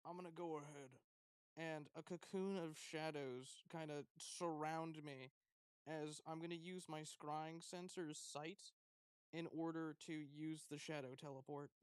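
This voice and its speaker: A tabletop player talks eagerly and stammers often. The voice is smooth and clear. The sound is dry and close. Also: medium pitch, fairly even intonation, unhurried, no echo. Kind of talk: casual tabletop play.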